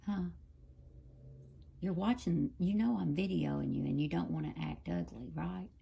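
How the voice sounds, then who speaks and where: A woman's voice: fairly low pitch, creaky, warm tone, breathy edge. A woman filming at home with a phone camera, coaxing and scolding her dogs in pet-talk. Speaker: dog owner filming her pets. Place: home indoors.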